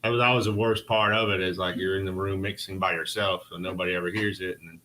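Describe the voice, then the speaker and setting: A man's voice: low voice, steady tone, quick pace, pushed and bright, slight background noise, rough recording. A man in a band telling loose, profane stories in casual podcast chat. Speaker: band member.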